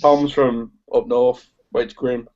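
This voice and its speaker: A man's voice: mid-range voice, level tone, unhurried, darkish tone. A man with a West Midlands accent, reading out viewer questions in a casual live chat with a joking, cheeky manner. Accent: West Midlands English. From West Midlands, England. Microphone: video call. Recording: dull lo-fi online call audio.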